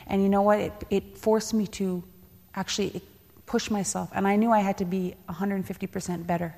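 A woman's voice: medium pitch, level tone, fairly quick, vocal fry, dark tone. A woman, speaking as a panelist and former athlete, telling a candid personal story and laughing now and then. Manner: candid, laughing, acts out quoted voices. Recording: reverberant hall.

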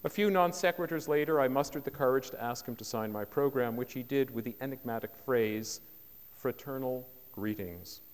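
A man's voice: medium pitch, brisk, few pauses. A man speaks from the stage of a lecture hall, his mid-range voice trailing a long reverb. He tells his anecdotes with dry wit and self-deprecating asides. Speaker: biographer giving a public lecture. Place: lecture hall with a live audience.

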